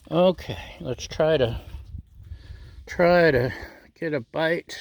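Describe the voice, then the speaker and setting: A man's voice: on the high side, slow, vocal fry, long pauses. A man casually demonstrating his cooking on a griddle, chatty and self-deprecating, tasting as he talks. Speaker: cooking vlogger.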